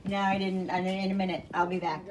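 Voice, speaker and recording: A woman's voice: medium pitch, level tone, fast talker, a crowd in the background, poor audio. A woman in her fifties hosting a casual home cooking vlog from her kitchen, chatty and bubbly, laughing often. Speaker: cooking channel host.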